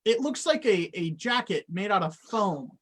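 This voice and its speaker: A man's voice: high voice, animated, moderate pace. A man on a guest spot, explaining water safety to kids in a friendly, plain way.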